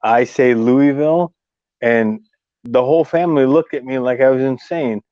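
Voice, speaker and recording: A man from California co-hosting a casual livestream chat, blunt and profane, telling animated stories. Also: medium pitch, moderate pace, no room sound, muffled recording.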